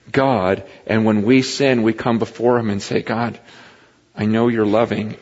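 A pastor giving a sermon in a conversational preaching style that rises into impassioned emphasis, recorded in a large hall. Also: male voice, lowish voice, a little mellow. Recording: muffled recording with long hall reverb.

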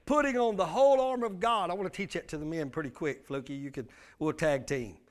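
High-voiced preaching man. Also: fast talker. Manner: emphatic preaching with call-and-response. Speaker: pastor. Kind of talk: sermon.

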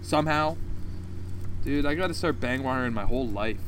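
A man telling a story on a casual podcast, swearing often and animated. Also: mid-range voice, normal speed, noisy background. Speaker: podcast co-host.

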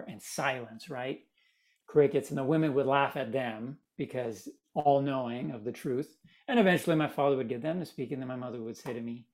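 Miami guy telling stories on a podcast, animated, mid-pitched. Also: a little fast, gravelly. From Miami, United States. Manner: animated, acts out quoted voices. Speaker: guest, theater maker. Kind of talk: casual storytelling interview.

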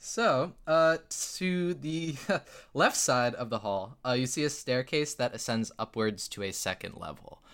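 A man's voice: medium pitch, expressive, unhurried, fairly bright tone, smooth. A man narrating a tabletop game as game master, rambling with many fillers and laughs.

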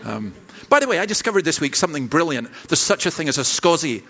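A man's voice: fairly high pitch, very animated, fast talker, pushed and bright, husky, lo-fi sound. A Scottish man, a pastor preaching a sermon, earnest and self-deprecating, with stumbling restarts. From Scotland.

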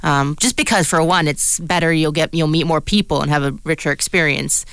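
A woman with a low, smooth, clear voice, recorded dry and close. She chats casually as a radio co-host, laughing easily and trailing off mid-sentence. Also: fairly even intonation, fairly quick, a bit bright, no echo. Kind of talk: casual chat.

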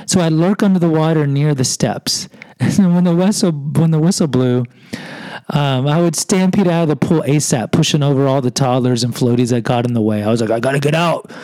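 A Houston, Texas podcast host with a fairly high, mellow voice talks briskly through a personal story, poking fun at himself and acting out what other people said. The low-quality recording has no echo.

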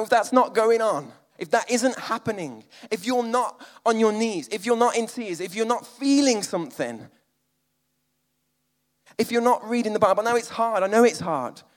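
A man preaching a sermon, moving between loud emphatic lines and quiet, almost whispered ones. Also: sits high, big-room sound.

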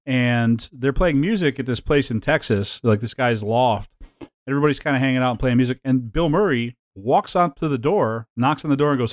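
A man's voice: mid-range voice, a little fast, no echo, studio quality. Rambling, chatty male podcast host. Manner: rambling, with frequent fillers and laughs. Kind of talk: casual chat.

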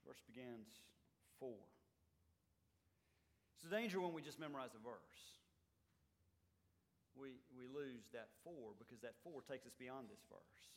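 A man preaching a sermon as pastor, swinging between loud emphatic lines and quiet, low ones. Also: unhurried, vocal fry, pauses often, a little hiss or hum. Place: church sanctuary.

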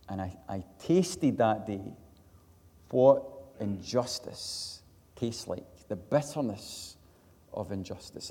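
Preaching in a fairly low voice, a Scottish man recounts a heartfelt personal story within his sermon. He rises to forceful, loud climaxes and then settles into softness, all echoing with long hall reverb.

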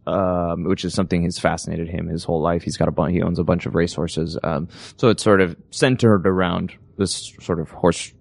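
A young man, an actor guest, telling animated stories with many restarts in a casual interview. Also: sits low, brisk, vocal fry, hardly any pauses, no room sound, clean studio sound. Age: young adult. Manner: animated anecdote teller, frequent restarts.

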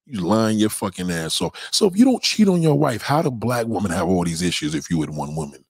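A man's voice: on the low side, sing-song, brisk, darkish tone, husky, no room sound. A man hosting a livestream, reading chat and ranting in a profane, heated, emphatic way. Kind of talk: casual livestream rant.

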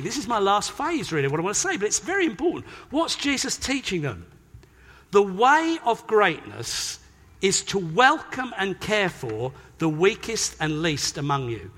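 A British man preaching a sermon in a church, emphatic and animated, acting out quoted voices as he explains a passage. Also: high voice, husky. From Britain. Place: church hall. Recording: long hall reverb.

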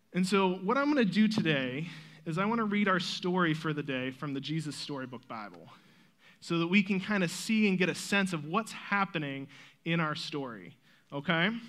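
A man leading a children's church Bible story skit, coaxing kids on stage and telling the story as a lively, encouraging storyteller. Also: on the high side.

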